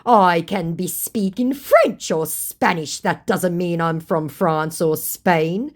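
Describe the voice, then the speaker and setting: A woman's voice: lowish voice, slow. A woman putting on the voice of a pleading, indignant male online scammer, whiny and protesting in broken English.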